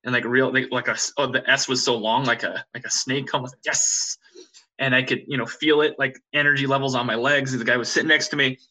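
A young man with a bright, forward voice tells a spooky story in relaxed chat. He wanders through it with lots of fillers and restarts. He slips into the voices of the people he quotes. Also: mid-range voice, fast, hardly any pauses, low-quality recording. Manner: rambling, frequent fillers and restarts, acts out quotes. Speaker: podcast guest telling ghost stories. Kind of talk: casual storytelling conversation.

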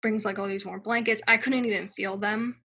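A woman's voice: mid-range voice, fairly even intonation, normal speed, bright, forceful tone, breathy edge. A young woman telling her personal story in a casual, chatty way, full of fillers and acted-out quotes.

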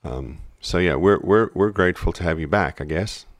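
A man's voice: deep voice, normal speed, dry recording, studio quality. A man hosting a podcast, chatting casually and teasing his co-hosts with jokes. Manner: joking, teasing. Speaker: podcast host. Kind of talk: casual chat.

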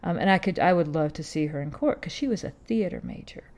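Rambling low-voiced woman in her fifties. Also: animated, fast, darkish tone. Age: 50s. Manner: meandering, many fillers and restarts. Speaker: podcast host. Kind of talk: casual rambling monologue.

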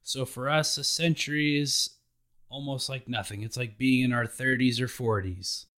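A man's voice: mid-range voice, steady tone, moderate pace, a bit bright, voice pushed up, lightly acted. A man voicing an ancient male giant warrior who talks with hearty, laughing bluster. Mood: boastful.

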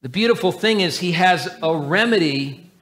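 A man's voice: sits high, lively intonation, moderate pace, a bit bright. A man preaching a sermon as a church elder, in an earnest, conversational way with frequent restarts.

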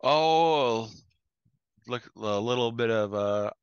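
A man's voice: mid-range voice, slow pace, clean tone, no echo, dull audio. A man appearing as a guest on a casual podcast, laid-back and dry-witted. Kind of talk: casual chat.

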